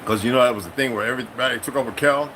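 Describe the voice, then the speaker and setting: A middle-aged military veteran talking in a casual, rambling monologue, profane and streetwise, breaking into sudden high-pitched bursts. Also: male voice, racing, background noise.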